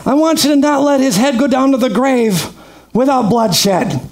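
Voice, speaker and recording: A man's voice: very high-pitched, normal speed, a little mellow, pitched above the performer's own voice. A man voicing a dying old king who talks like a menacing mob boss, mumbling as if through cotton in his mouth.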